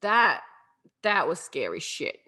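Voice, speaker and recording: A woman co-hosting a podcast, telling funny stories in a lively, laughing way and swearing freely. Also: fairly low pitch, slow pace, slightly rough. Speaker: podcast co-host. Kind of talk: casual chat, storytelling.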